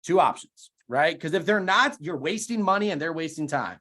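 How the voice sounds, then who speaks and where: A man's voice: fairly high pitch, animated, normal speed, bright, forceful tone. A man giving an emphatic motivational talk on a video call, firing off rhetorical questions. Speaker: guest speaker.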